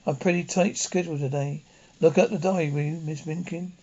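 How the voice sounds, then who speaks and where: A brisk, uneasy executive. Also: male voice, a little high, steady tone, a little mellow. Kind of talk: 1960s television drama acting. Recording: dull 1960s television soundtrack.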